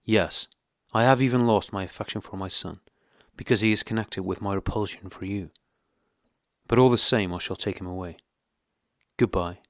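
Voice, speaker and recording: A man voicing a squeaky, furious cold husband. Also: normal speed, no room sound, studio quality, natural voice. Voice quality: squeaky, higher than usual. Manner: angry, clipped, coldly emphatic. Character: stiff, cold middle-aged husband, furious. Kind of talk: audiobook character reading.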